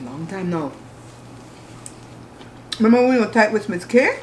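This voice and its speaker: A woman's voice: medium pitch, expressive, moderate pace, a little hiss or hum. A woman from Belize, hosting a casual chat over a home meal and telling stories in an emphatic, outspoken way. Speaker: host. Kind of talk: casual chat while eating. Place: home, at the table. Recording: roomy echo.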